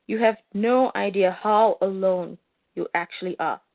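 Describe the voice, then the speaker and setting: A woman's voice: medium pitch, unhurried, vocal fry. Woman reading out a crude, mocking alien brute. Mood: taunting. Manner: mocking, boastful taunts. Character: brash, crude male alien bounty hunter. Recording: phone-like narrow sound.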